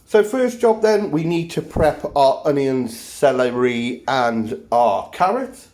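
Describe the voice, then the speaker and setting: A man's voice: medium pitch, lively intonation, slow, darkish tone. A man hosting a cooking show, talking the viewer through a recipe in a jokey, self-mocking way. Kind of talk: cooking demonstration.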